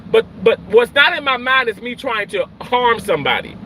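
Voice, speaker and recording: A man who works in healthcare, ranting in an emotional vlog, swinging from loud yelling to quiet, halting talk, often repeating himself and swearing. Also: very high-pitched, lively intonation, slight background noise, low-quality recording. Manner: repeats and restarts phrases, swears. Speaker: healthcare worker.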